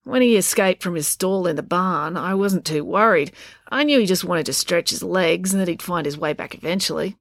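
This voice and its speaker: Woman doing a gruff grumbling cat lady. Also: on the low side, moderate pace, dry recording. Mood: blunt. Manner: mumbling, dry and sarcastic.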